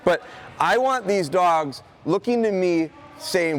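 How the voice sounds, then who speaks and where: A man's voice: high voice, lively intonation, slow pace. A man who trains gun dogs, talking students through a live demonstration in a school gym and breaking off for short commands to the dog. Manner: conversational, explaining while giving short dog commands.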